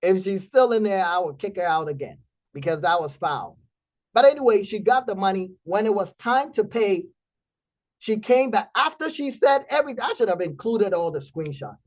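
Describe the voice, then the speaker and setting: A man hosting a trading community stream, telling a story in blunt, animated casual talk with profanity. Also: high-pitched, moderate pace, lo-fi sound.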